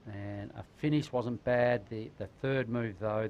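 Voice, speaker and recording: A man's voice: lowish voice, fairly even intonation, a little slow, few pauses, darkish tone. A man commentating live surfing with laid-back banter and local slang. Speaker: surf commentator.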